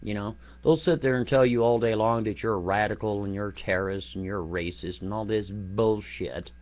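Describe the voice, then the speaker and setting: A man's voice: lowish voice, fairly even intonation, fairly quick. A man telling a rambling, profane story in a rant, laughing at his own jokes. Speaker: vlogger. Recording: dull lo-fi home recording.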